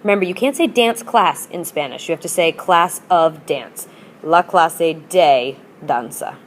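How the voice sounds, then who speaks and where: A woman's voice: on the low side, expressive, unhurried, a little hiss or hum. A woman teacher explaining grammar in a patient, upbeat lesson and modelling example phrases for students. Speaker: Spanish teacher. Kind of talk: recorded classroom lesson.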